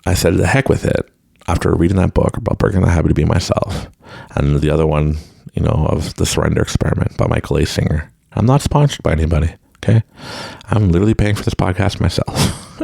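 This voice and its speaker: A man hosts his own podcast from a room at home with a mic, giving an unscripted motivational talk and laughing often. His voice is low, a little fast, creaky, darkish, and slightly rough, with studio-quality sound and no room echo.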